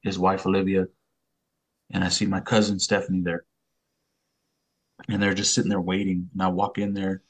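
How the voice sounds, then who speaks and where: Low-voiced man swearing through a story. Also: completely flat delivery, moderate pace, long pauses. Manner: profane street slang, loose rambling delivery. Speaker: podcast guest. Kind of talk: casual storytelling.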